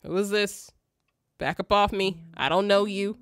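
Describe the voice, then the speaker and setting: A woman's voice: mid-range voice, a little slow, no room sound, studio quality. A young woman streamer giving joking, slangy commentary while playing a game. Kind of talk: casual gameplay commentary.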